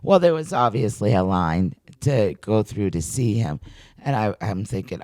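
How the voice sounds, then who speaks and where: A middle-aged woman hosting a podcast, telling an excited story in casual chat, stammering and laughing as she goes. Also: extremely low pitch, moderate pace, no echo, studio quality. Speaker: podcast host.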